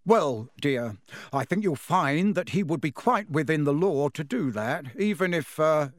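A man's voice: fairly high pitch, animated, unhurried, dry recording, studio quality. A man voicing a tired, mild middle-aged wizard father who mumbles wearily and stammers when caught out. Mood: flustered. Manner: weary, mumbling, then flustered and stammering.

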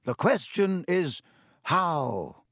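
A man voicing a calm, grave, elderly male headmaster wizard in an audiobook, speaking slowly and with measure. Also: mid-range voice, dry recording, clean studio sound. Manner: slow, quiet and measured. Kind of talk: audiobook character voice.

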